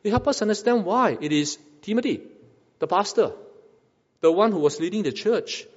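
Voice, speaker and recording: A man's voice: high voice, lively intonation, moderate pace, long reverb tail, dull audio. A man preaching a sermon, asking rhetorical questions and repeating phrases for emphasis. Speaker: pastor.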